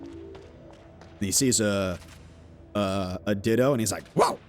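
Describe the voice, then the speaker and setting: A man live-streaming a game, chatting loosely with his viewers and swearing, with sudden loud outbursts. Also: on the low side, slow pace, faint music behind. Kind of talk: casual live-stream chat while playing a game.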